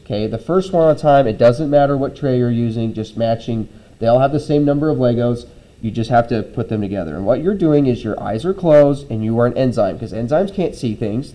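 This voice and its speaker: Mellow-voiced male teacher giving lab instructions. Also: medium pitch, poor audio. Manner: conversational, frequent "okay?" check-ins and "um" fillers.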